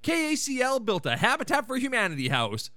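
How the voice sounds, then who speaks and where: A man's voice: very high-pitched, wildly swooping pitch, a little fast, sharp tone, dry recording, soft background music. A man hosting a podcast, recapping an episode in a casual, irreverent way and swearing freely. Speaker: podcast host.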